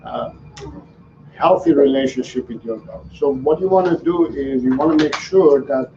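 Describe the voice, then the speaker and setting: A man's voice: medium pitch, moderate pace, background noise. A male dog trainer answering viewer questions live, explaining in an earnest, repetitive way. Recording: roomy, slightly dull livestream audio.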